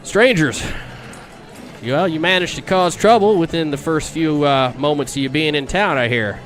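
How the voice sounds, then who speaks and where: Man doing a bossy old-west sheriff: folksy, commanding, pitched up from his own voice, light music behind. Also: normal speed, fairly bright tone, lightly acted. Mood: stern. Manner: folksy, commanding, talks down to strangers. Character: stern male frontier town sheriff.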